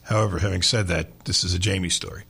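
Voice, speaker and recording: A middle-aged man hosting sports talk radio, telling stories in an animated, self-deprecating way. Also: low voice, quick pace, creaky, breathy edge, soft background music.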